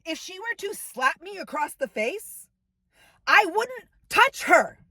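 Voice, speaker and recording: A woman's voice: very high voice, very animated, slow, sharp tone, no echo. A woman venting to camera, ranting in heated, profane bursts about a falling-out. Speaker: vlogger. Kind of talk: angry personal venting to camera.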